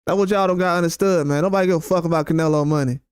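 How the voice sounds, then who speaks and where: A man hosting a boxing channel rants bluntly and heatedly at his live-stream chat, throwing repeated profane jabs. His voice sits on the high side with fairly even intonation, and he talks very fast in a clear, resonant tone. The recording is dry and studio quality.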